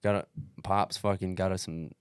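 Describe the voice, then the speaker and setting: Deep-voiced man, casual storytelling, profane, says dude and bro a lot, acts out quotes, dry close sound. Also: moderate pace, clear, resonant tone, no room sound. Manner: profane, animated retelling with acted-out quotes; peppers speech with dude and bro. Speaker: podcast co-host recounting his race.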